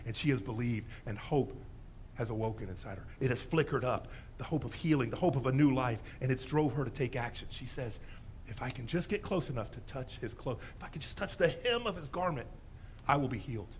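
A man preaching a sermon in a church, telling a story with lively animation and acting out the voices in it. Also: mid-range voice, fairly quick, a little hiss or hum. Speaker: pastor.

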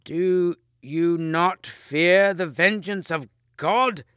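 A man voicing a very old archbishop, grave and stern, speaking slowly and solemnly. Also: mid-range voice, a bit bright, clean tone, no room sound, studio quality, pitched above the performer's own voice, close to an everyday voice.

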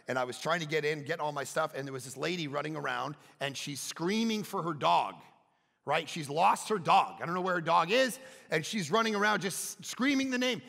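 High-voiced, gravelly preacher man. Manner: animated storytelling, loud bursts of self-mocking humor. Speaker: pastor. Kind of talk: sermon. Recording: reverberant hall.

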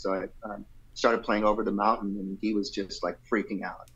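This man's fairly low voice has a breathy edge and moves a little fast over lo-fi sound. He's a rock vocalist sitting in as an interview guest, rambling through a long story in a loose, laid-back way with fillers and "you know." Lively and playful, he acts out quoted lines by shifting his voice.

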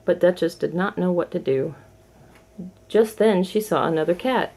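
A woman reading a children's storybook aloud in a clear, measured storytelling manner. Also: lowish voice, dark tone. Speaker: storybook reader. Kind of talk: storybook read-aloud for kids.

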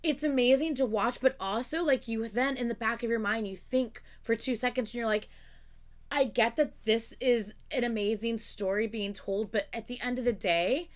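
A woman hosting a reaction video, gushing, exclaiming and swearing as she watches, excited and close to tears. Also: fairly high pitch, normal speed. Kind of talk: casual reaction commentary.

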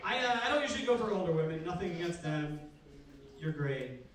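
A young man from Philadelphia doing a stand-up set, deadpan and halting with fillers, heard from a club stage with a handheld mic. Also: a little high, far from the mic. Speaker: stand-up comedian. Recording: echoey club recorded from afar, loud noise. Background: audience laughter.

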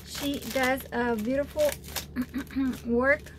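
A woman chatting casually while opening mail on a home craft vlog, gushing and excitable with frequent exclamations. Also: sits high, slow, noisy background. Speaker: craft vlogger opening birthday challenge mail. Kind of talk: casual unboxing chat.

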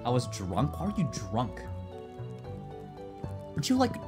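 A man's voice: medium pitch, wildly swooping pitch, measured pace. A man streaming a game, chatting casually in a rambling, stammering, profane way. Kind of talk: casual live-stream chat. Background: game music.

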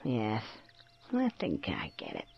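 A man's voice: on the low side, wildly swooping pitch, takes it slowly, vocal fry, lo-fi sound, heavy background noise, heavily acted. A man voicing a cheeky young male cartoon squirrel in a video game, wry and chatty, talking to himself. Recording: game audio with music behind. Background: game music.

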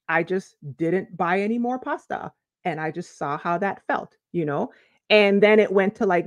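A woman's voice: mid-range voice, no room sound. Emphatic woman coach, dry close sound. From U.S. Virgin Islands. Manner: emphatic, repeats key points, chatty asides. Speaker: life coach. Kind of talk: direct-to-camera advice vlog.

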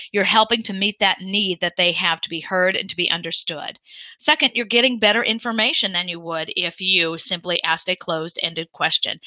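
A middle-aged woman giving a training lecture on communication, acting out the quoted lines of dialogue with lively energy. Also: medium pitch, dry recording, poor audio. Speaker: workshop presenter.

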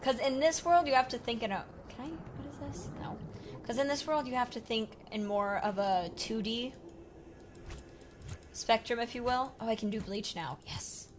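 A young woman hosting a casual let's play, excitable and talking to game creatures as she plays. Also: on the high side, normal speed, background noise. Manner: excitable, talks to game creatures, jumps from whispers to yelps. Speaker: gaming channel host.

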